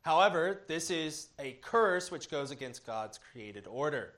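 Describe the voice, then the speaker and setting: A man preaching as a pastor, earnest and measured, with occasional fillers as he explains. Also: a little high, animated, fairly bright tone. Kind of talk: sermon teaching.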